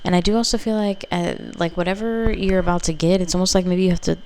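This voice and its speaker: Gravelly-voiced woman reading tarot cards. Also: lowish voice, fairly even intonation, quick pace, darkish tone, a little hiss or hum. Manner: rambling and intuitive, heavy with filler words. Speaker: tarot reader. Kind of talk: casual pick-a-card tarot reading.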